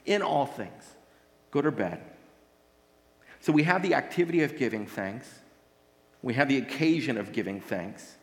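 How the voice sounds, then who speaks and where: A man preaching a sermon as pastor, earnest and emphatic, asking the congregation rhetorical questions. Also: medium pitch. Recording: long hall reverb.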